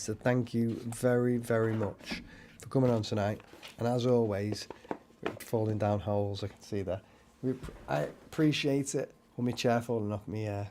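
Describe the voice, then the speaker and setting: Brief: male stream host, low-ish voice, rambling casual chat during card readings. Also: slight background noise. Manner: rambling, chatty, animated. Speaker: paranormal livestream host.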